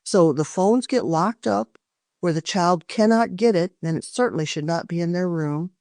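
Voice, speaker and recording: A woman's voice: on the low side, moderate pace, a little mellow, dry recording, clean studio sound. An older woman, a parenting expert guest on a podcast interview, giving earnest, emphatic advice and often restarting her sentences.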